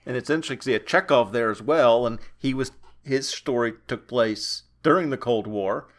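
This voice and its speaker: A man co-hosting a podcast, calmly adding facts and affirming his co-host in casual chat. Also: mid-range voice, moderate pace. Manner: calm, adds facts and short affirmations. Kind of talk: casual chat recapping a convention.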